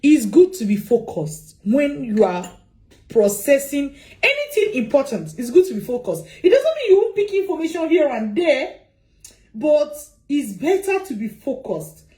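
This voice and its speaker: Animated woman consultant. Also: high voice, moderate pace, low-quality recording. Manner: animated, repeats points, asks rhetorical questions. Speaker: migration consultant. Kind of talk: advice talk to camera.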